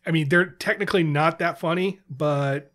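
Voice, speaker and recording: A man's voice: fairly high pitch, normal speed, a bit bright. A man co-hosting a podcast in casual chat, rambling and correcting himself, laughing easily. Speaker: podcast co-host.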